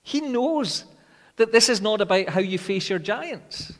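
A man preaches a sermon in a voice pitched a little high. He hammers rhetorical questions loudly, then drops to quiet intensity. His voice rings out with a long reverb in a large church hall. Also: lively intonation, a little slow.

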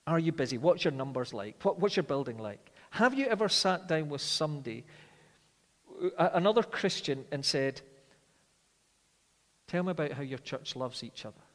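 A man preaching a sermon, earnest, moving between emphatic stress and hushed, slow passages. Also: a little high, expressive. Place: church. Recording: long reverb of a large hall.

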